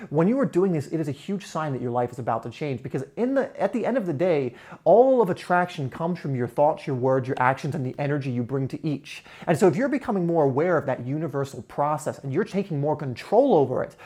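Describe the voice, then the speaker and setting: A man's voice: on the high side, sing-song, quick pace, dark tone. Enthusiastic man giving a motivational talk. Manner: enthusiastic, conversational, many "you know" fillers. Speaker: spiritual self-help creator.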